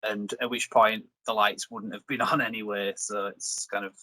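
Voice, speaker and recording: A man's voice: fairly low pitch, flat delivery, moderate pace, pushed and bright, no room sound, poor audio. A young man hosting a review video, rambling and joking in casual chat. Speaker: reviewer and host.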